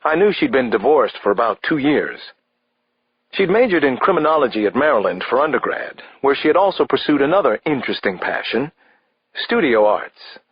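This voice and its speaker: A man narrating a first-person thriller audiobook in a measured, expressive way. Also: mid-range voice, slightly rough. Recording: slightly dull, dry studio audiobook.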